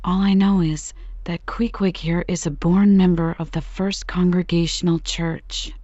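Young male sailor, earnest , read by a woman; low, mellow tone. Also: steady tone, measured pace, no echo, dull audio, lightly acted.

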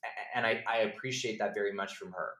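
A man's voice: fairly low pitch, quick pace, roomy sound. A man co-hosting a podcast, talking casually about films, chatty with lots of "like" and "um". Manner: chatty, frequent "like" and "um", animated mock voices. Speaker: podcast co-host. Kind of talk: casual film discussion.

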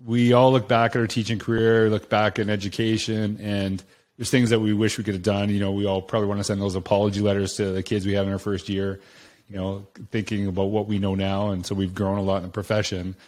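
A man hosting an education podcast, relaxed and conversational as he asks questions and reads quotes aloud. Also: lowish voice, fast talker. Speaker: podcast host. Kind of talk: casual interview talk.

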